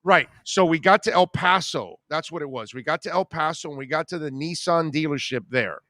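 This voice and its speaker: A man hosting a talk radio show, telling a rambling, animated personal story in casual conversation. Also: a little high, a little fast, no room sound.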